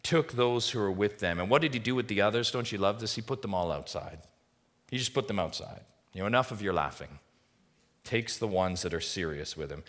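A male pastor with a fairly low voice delivers a sermon. He swings from hushed, reflective passages to rising, emphatic appeals, pressing his listeners with repeated rhetorical questions. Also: a little fast.

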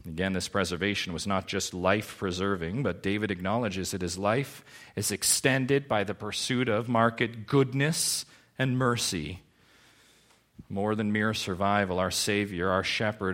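A man's voice: on the low side, a bit bright. A male pastor preaching a Sunday sermon in church, emphatic and full of rhetorical questions. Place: church service.

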